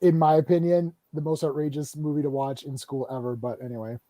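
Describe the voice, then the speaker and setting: A man's voice: on the high side, steady tone, brisk, over a noisy crowd. A man in a casual chat who speaks with enthusiasm and emphasis.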